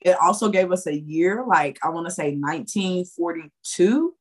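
A woman guest on a podcast, a tarot reader telling a story in a lively, chatty way with loose, slangy phrasing. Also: fairly low pitch, normal speed, husky. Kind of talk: casual storytelling.

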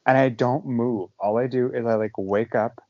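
A man's voice: mid-range voice, fairly even intonation, moderate pace, dry recording, highs cut off. A man co-hosting a podcast in casual chat, tired, talking in a self-deprecating way with lots of "like". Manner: chatty, peppers speech with "like", self-deprecating. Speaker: podcast co-host.

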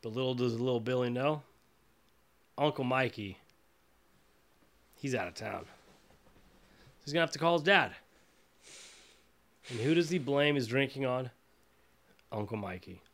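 Casting: male podcast host, mid-pitched, loose and profane storyteller. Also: measured pace, pauses often. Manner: profane, digressive, animated. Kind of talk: rambling comic storytelling.

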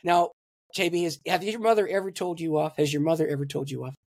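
Older male pastor, lively storyteller, slightly husky, dry close mic. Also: fast talker, dry recording. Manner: animated storyteller, acts out dialogue with big pitch swings. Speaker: pastor and guest. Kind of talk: storytelling in a podcast interview.

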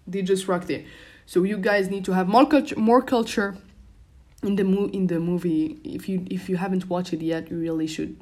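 A woman's voice: lowish voice, fairly even intonation, normal speed, a little mellow. A young woman whose first language is French, hosting a casual solo podcast from her room at home, rambling with frequent restarts and fillers. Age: young adult. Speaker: podcast host.

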